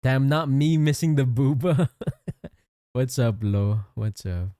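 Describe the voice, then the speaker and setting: This streamer and digital artist has a mid-range voice and a slow pace, chatting casually with viewers as he draws. He thanks his chat, his tone lively and shifting. There's no room sound; the audio is clean studio quality.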